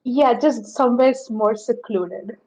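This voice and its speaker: A woman's voice: fairly high pitch, measured pace, darkish tone. A woman playing a tabletop game, talking in character in a dry, businesslike way, on a dull lo-fi mic. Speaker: player.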